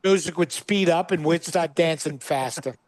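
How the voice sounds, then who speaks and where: Male comic guest, higher-pitched voice, dry studio sound, punchy storytelling delivery. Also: normal speed, a little mellow, dry recording. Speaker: guest comedian. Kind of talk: animated storytelling.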